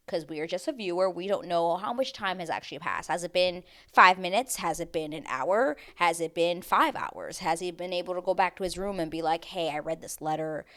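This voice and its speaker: Woman doing a reality tv recap, lowish voice, talks a lot, dramatic reactions. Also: fairly quick, hardly any pauses, fairly bright tone. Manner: chatty and dramatic, acts out reactions. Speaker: recap show host. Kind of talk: casual TV recap commentary.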